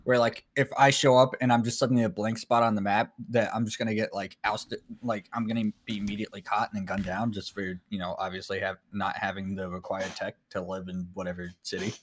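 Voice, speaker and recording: A man's voice: lowish voice, level tone, a little fast, hardly any pauses. A man chatting casually as a guest on a stream, laid-back and rambling, swearing and laughing often. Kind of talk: casual chat.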